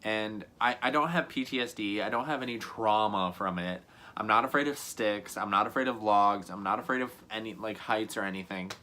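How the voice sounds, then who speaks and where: A man's voice: fairly low pitch, fairly quick, bright, forceful tone, a little hiss or hum. A young man telling a casual storytime vlog to camera, rambling and earnest, full of "like" and "you know what I mean". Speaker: YouTuber.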